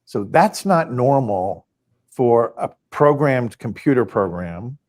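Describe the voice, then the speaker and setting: A man's voice: medium pitch, animated, slow pace, darkish tone. A man on a podcast, casually retelling stories and acting out the quoted dialogue. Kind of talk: casual storytelling.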